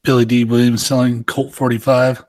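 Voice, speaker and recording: Rambling man in relaxed podcast chat. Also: medium pitch, moderate pace. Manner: rambling, laughs at jokes, trails off mid-sentence. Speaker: podcast co-host. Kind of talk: casual chat.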